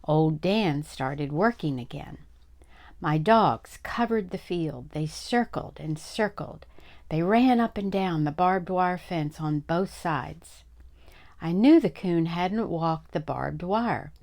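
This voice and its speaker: Older woman reading a chapter book aloud, low voice, unhurried storytime delivery. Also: lively intonation, a little mellow. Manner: slow, deliberate reading.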